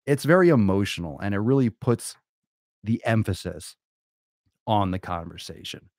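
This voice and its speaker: Loud-mouthed guy hosting his podcast solo, cussing nonstop, kinda low voice, dry sound. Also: animated, moderate pace, dry recording. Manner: brash, crude and theatrical, swearing constantly; stretches words out for emphasis. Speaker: podcast host. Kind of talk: profane comedic podcast monologue.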